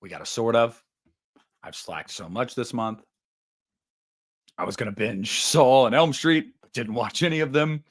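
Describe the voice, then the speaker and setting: A man's voice: medium pitch, unhurried, pauses often. A man hosting a casual show, ranting jokingly about losing a contest in a mock-indignant, competitive way. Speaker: podcast host. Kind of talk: casual chat.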